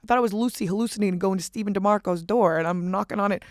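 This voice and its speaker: A young woman hosting a podcast, telling animated, profane stories in casual chat. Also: mid-range voice, fairly quick, no room sound, studio quality. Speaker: podcast host.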